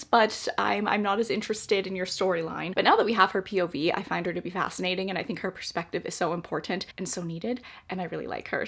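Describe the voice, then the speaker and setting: A woman's voice: on the low side, a bit bright. Gushing young woman book vlogger. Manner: gushing, emphatic, talks in bursts. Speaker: reading vlogger. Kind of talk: casual reading vlog.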